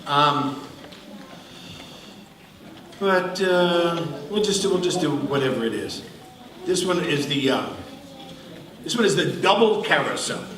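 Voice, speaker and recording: An older man talks his way through a live stage act in a bright, lively voice, joking and laughing as he goes. He sounds distant, picked up by a far-off mic in an echoey hall. A crowd murmurs around him. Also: fairly high pitch, takes it slowly, pauses often. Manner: chatty, joking, laughs often. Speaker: bubble performer. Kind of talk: live stage show patter.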